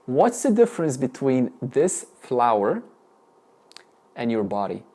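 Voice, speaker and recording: A Vedanta teacher leads an interactive spiritual lesson, firing questions at his students and frequently restarting. His medium-pitched, dark voice swings widely in pitch, and he takes his time.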